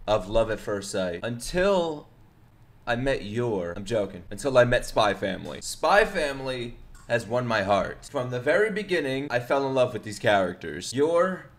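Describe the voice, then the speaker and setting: A man reacting to an anime episode, joking around and bursting into excited shouts. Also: mid-range voice, moderate pace.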